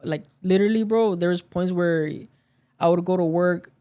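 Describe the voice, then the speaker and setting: Speaking smoothly at a moderate pace, a man with a high-pitched but dark voice tells a work story as a podcast guest. He chats casually and performs the dialogue of the people involved.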